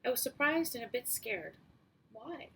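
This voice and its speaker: Low-voiced woman reading an audiobook. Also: expressive, brisk, breathy edge, poor audio. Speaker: audiobook reader. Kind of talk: first-person audiobook narration.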